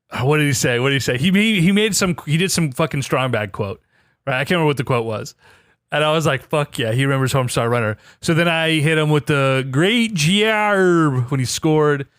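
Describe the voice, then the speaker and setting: Animated swearing man on a podcast. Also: a little high, normal speed, no echo, clean studio sound. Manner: animated storyteller, swears freely. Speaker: podcast co-host. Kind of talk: casual gaming podcast chat.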